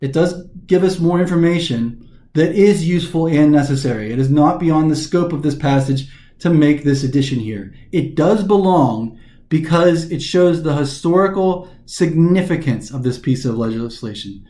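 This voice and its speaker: A man with a fairly high voice talks through test questions in a recorded lesson. He restarts his sentences often as he explains. The room around him rings with echo. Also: normal speed, mellow. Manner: explanatory, frequent restarts and fillers. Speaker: test prep instructor.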